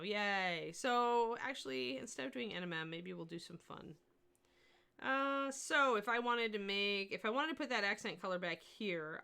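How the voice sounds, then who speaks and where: Woman painting instructor on a casual stream, bright, talkative, answers viewers as she works. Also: medium pitch, gravelly. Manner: chatty, answers viewer chat while painting. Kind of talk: casual livestream painting lesson.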